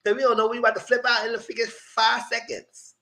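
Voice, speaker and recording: A man's voice: very high voice, fast, poor audio. A man hosting a live recap of a reality TV show, talking casually and acting out what the cast said. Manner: animated, acts out quotes in voices. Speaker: TV recap host. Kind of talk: casual live-stream commentary.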